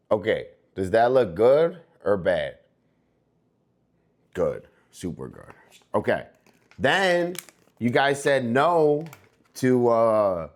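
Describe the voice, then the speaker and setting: A young American man hosting a casual livestream, laid-back and rambling, breaking into hyped, sing-song bits. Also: fairly high pitch. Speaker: livestream host.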